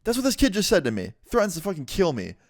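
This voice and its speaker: A young man casually telling a storytime vlog with animated delivery and heavy swearing. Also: high-pitched, quick pace, dry recording, studio quality. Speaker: vlogger.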